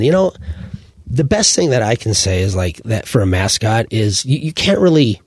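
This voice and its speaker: Guest, 40s male, rambling animated storyteller, low husky voice, dry close sound. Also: moderate pace, no echo. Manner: rambling, animated anecdotes with fillers and restarts. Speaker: guest, former sports mascot. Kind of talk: casual interview storytelling.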